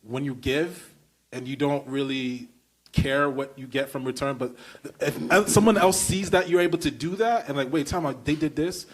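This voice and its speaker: A man's voice: fairly high pitch, normal speed, slight background noise. Emphatic Brooklyn man hosting a podcast. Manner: emphatic, enthusiastic, piling up run-on questions. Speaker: podcast host. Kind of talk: casual podcast conversation.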